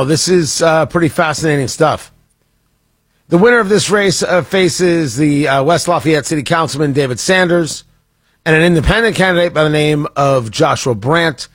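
A male talk radio host, recorded close and dry in a studio booth with no room sound, discusses political news in a mocking, sarcastic tone. His voice is slightly husky and a little high, and he frequently doubles back and restarts his words.

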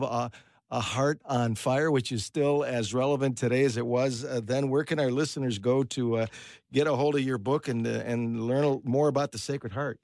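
Gravelly radio host, slow and halting. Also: male voice, medium pitch, darkish tone, no room sound. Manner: slow, halting, many "uh" fillers. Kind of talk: radio show hosting.

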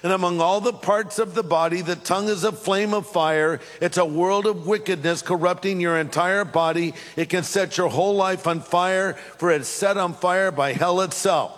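A man with a high voice delivers a sermon in a reverberant hall. He tells an animated personal story, then slows down to read scripture aloud. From California. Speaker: pastor.

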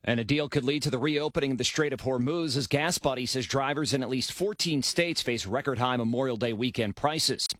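A male news anchor reading a network newscast in a measured, formal way. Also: medium pitch, a bit bright, no echo. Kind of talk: scripted newscast.

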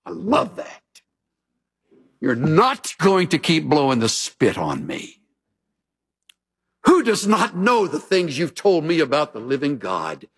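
A man preaching a sermon, telling stories with folksy humor and animated emphasis. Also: on the high side, slow, breathy edge. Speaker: pastor.

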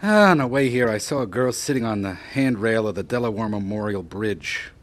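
A man's voice: lowish voice, animated, fairly quick, slight background noise, lightly acted. An actor in a radio drama playing a man who narrates his own life story and speaks hesitantly, as though troubled.

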